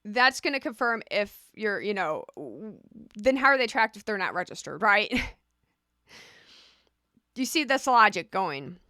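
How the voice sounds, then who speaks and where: A woman's voice: mid-range voice, sing-song, measured pace, pauses often, sharp tone, dry recording, studio quality. A woman vlogging casually, explaining things chattily and often repeating a rhetorical "right?".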